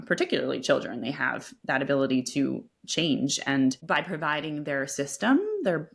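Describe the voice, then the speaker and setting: A woman speech-language pathologist, a podcast guest, explaining her methods at length and restarting sentences with repeated words. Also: low voice. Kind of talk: expert explaining in a podcast interview.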